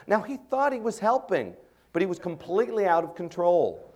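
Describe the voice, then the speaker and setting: Middle-aged male pastor, sermon delivery, earnest and emphatic, slightly raised pitch. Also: very animated, brisk, a little mellow. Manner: earnest, emphatic preaching with rising intensity.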